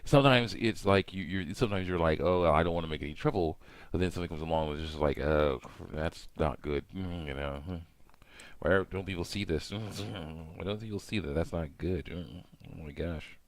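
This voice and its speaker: A deep-voiced man talks at normal speed while working with his hands. He rambles casually, fills gaps with "mm" and "you know," and often acts out his own remarks.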